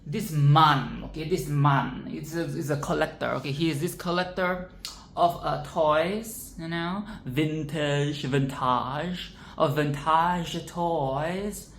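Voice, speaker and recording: A vlogger gushing and ranting about a film in a loose, dramatic way, leaning on repeats and swear words for effect. The mid-pitched voice sits in a roomy, echoey space. Faint background ambience hums underneath. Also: slow pace, vocal fry, a little hiss or hum. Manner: dramatic, animated and profane, repeats phrases for emphasis. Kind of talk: casual film commentary.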